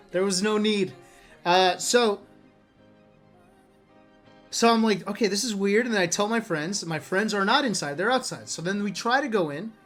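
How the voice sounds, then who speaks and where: A man telling travel stories in a casual vlog, animated and profane, often laughing as he talks. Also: high-pitched. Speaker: esports player vlogger. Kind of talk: casual storytelling monologue.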